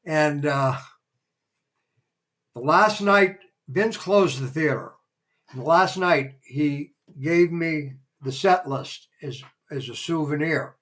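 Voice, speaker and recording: A man's voice: on the high side, slow, a bit bright, poor audio. A man, a former theater promoter, telling rambling behind-the-scenes anecdotes as a podcast guest, full of fillers. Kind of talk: casual interview storytelling.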